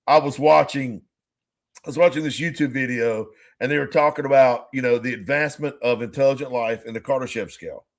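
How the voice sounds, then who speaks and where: A man co-hosting a podcast in casual chat, rambling and halting, full of restarts and swearing. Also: mid-range voice. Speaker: podcast co-host.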